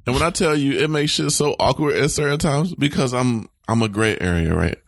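An animated man co-hosting a casual podcast. His pitch swings widely as he jokes and swears. The recording is dry and close. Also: fairly quick, gravelly, no echo. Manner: animated, profane, jokey, jumps into high voices for quotes. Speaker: podcast co-host. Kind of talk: casual chat.

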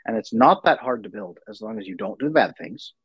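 A man in his thirties, a parenting coach, talking in an animated, conversational way as an interview guest. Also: on the low side, fairly quick, slightly rough, dry recording, low-quality recording. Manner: animated, acts out voices in anecdotes.

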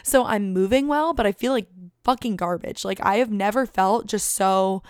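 A young woman hosting a podcast, telling a story in casual, animated chat, full of swearing and "like". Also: medium pitch, normal speed, clear, resonant tone, no echo, studio quality. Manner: animated, swears a lot, says "like" constantly. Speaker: podcast host.

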